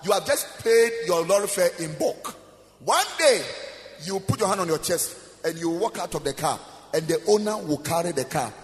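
A man from Ghana with a Ghanaian accent, preaching a sermon in a lively, sing-song way full of rhetorical questions, with an interpreter. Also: high-pitched, normal speed. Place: church hall. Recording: long church reverb.

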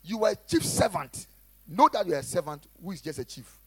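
A man preaching a sermon as pastor, emphatic, repeating phrases and swinging between loud and quiet. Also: sits high, animated, a little fast, husky, dry recording. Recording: faint music behind.

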